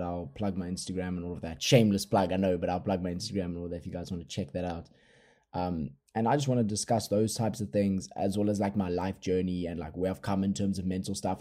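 Laid-back young South African man, dark voice. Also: low-pitched. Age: young adult. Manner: laid-back, rambling, slangy. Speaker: podcast host. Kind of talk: casual solo podcast chat. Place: bedroom at night. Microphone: laptop microphone.

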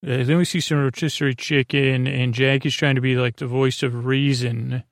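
Guy rambling through a tv episode recap for bedtime, monotone, lots of uhs, dry close mic. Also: medium pitch, dry recording. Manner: halting, with many fillers and self-corrections. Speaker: podcast host.

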